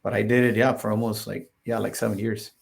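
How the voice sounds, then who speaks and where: A man's voice: lowish voice, flat delivery, fairly quick, vocal fry. A man on a podcast as a guest, telling his stories in a casual, rambling way full of "like" and "you know", and acting out the dialogue. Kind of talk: casual storytelling interview.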